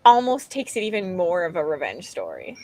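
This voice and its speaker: A woman's voice: on the low side, huge pitch swings, fairly quick. A woman from Canada hosting a casual live reading stream over a video call, talking in a chatty, hesitant way with lots of fillers and restarts. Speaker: host.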